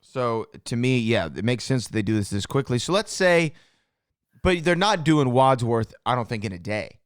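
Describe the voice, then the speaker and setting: A man's voice: medium pitch, moderate pace, clean tone, no room sound, clean studio sound. A man with a Southern American accent, co-hosting a podcast in a casual, chatty way. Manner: relaxed, chatty, frequent fillers. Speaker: podcast co-host. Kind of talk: casual chat.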